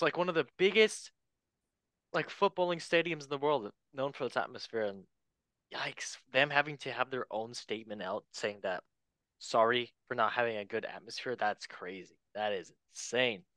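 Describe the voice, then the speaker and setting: A man's voice: medium pitch, moderate pace, fairly bright tone, no echo, poor audio. Chatty male podcast host, dry sound. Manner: chatty, loose, many fillers and asides. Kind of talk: casual chat.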